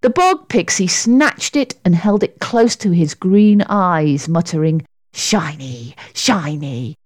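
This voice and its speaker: A woman narrating a children's storybook with an expressive, deliberate delivery. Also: medium pitch, no echo.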